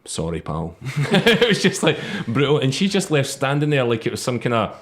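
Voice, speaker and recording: A man's voice: medium pitch, huge pitch swings, moderate pace, a bit bright. A man with a Scottish accent co-hosting a casual film review podcast, joking and laughing as he talks. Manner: jokey, laughs at his own lines. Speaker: podcast co-host.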